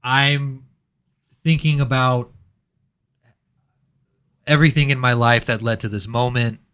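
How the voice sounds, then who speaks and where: A man's voice: medium pitch, level tone, a little slow, fairly bright tone, smooth. A man reviewing a horror movie in casual chat, ranting sarcastically with mock outrage.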